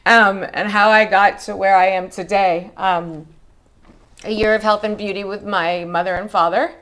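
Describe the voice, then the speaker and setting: A woman in her forties hosting a live skincare chat, talking in an emotional, chatty way, her voice jumping high when she greets viewers. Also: normal speed, a bit bright. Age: 40s. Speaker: beauty show host.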